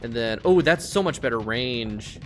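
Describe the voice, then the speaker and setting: A man streaming a space game, talking casually over his play, swearing a lot and getting loudly frustrated. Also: medium pitch, lively intonation, moderate pace, a little hiss or hum. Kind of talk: casual live-stream gameplay commentary.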